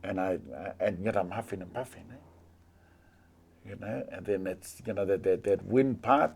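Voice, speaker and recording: An older man, talking in an interview in a halting way, often repeating words and saying "you know". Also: sits low, creaky, darkish tone, a little hiss or hum. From New Zealand. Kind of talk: conversational interview.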